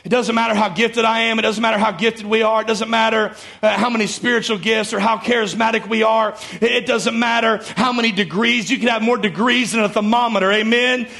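A man's voice: sits high, fairly even intonation, fairly quick, creaky, hardly any pauses, bright, forceful tone. A man preaching a sermon as pastor, emphatic and calling out to his congregation for responses in a church. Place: church sanctuary before a congregation.

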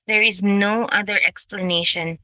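A woman voicing a wry, teasing young gentleman, the eldest brother, in an audiobook reading. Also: mid-range voice, steady tone, moderate pace, dry recording, natural voice, poor audio.

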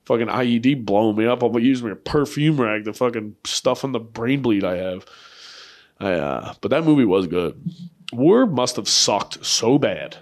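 A man's voice: medium pitch, lively intonation, moderate pace. A young man hosting a comedy podcast, rambling in crude, profane bursts and laughing often at his own jokes. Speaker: podcast host.

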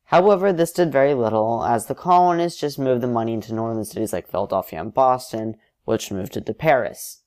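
A man narrating an alternate history story in an even, explanatory way. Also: mid-range voice, brisk, few pauses.

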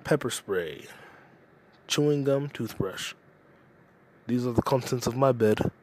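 A man talks into the mic for his comedy podcast, ranting in a loose, profane way. His voice sits in a middle range, and he leaps from one gripe to the next without pausing for breath. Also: mid-range voice, a little mellow. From United States. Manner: profane, ranting, jumps between topics. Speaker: podcast host. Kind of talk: casual comedic monologue.

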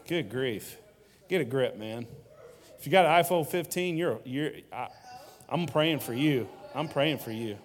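A man's voice: mid-range voice, a little slow, long reverb tail. A male pastor preaching a sermon with rhetorical questions and playful asides.

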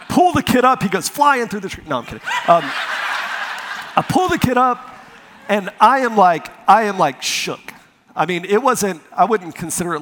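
Animated male preacher in a reverberant hall. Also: sits high. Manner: animated storyteller, acts out quotes. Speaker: pastor. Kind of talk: sermon with personal story.

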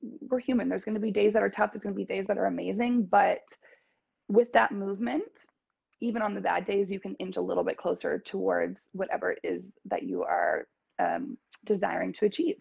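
A woman talks things through in a reflective, encouraging way. Her voice is heavily gravelly with fry and sounds husky. The recording is dull and lo-fi. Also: mid-range voice, animated, brisk. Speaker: co-host. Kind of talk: casual chat.

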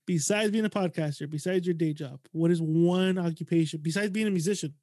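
A man hosting a podcast, joking and teasing as he runs through quick questions. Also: a little high, darkish tone. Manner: joking, teasing, laughs while asking questions. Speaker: podcast host. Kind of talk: casual chat.

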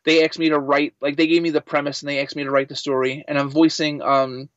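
A man being interviewed, telling stories in an animated, casual way, full of "like" and quick asides. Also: a little high, dry recording. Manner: animated, lots of filler "like". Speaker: guest, voice actor and writer. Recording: slightly muffled dry recording.

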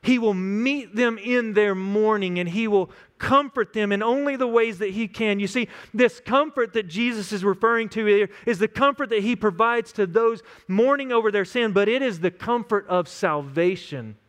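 Man, pastor, sermon, earnest, high voice, smooth and resonant. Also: normal speed, hardly any pauses, a bit bright. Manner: earnest preaching with acted-out quotes.

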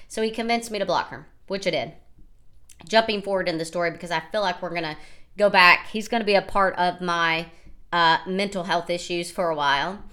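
A woman in her thirties from the United States, hosting a podcast and telling a personal story in an animated, rambling way, often quoting what others said. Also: fairly low pitch, fairly quick. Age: 30s. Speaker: podcast host. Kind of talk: casual storytelling monologue.

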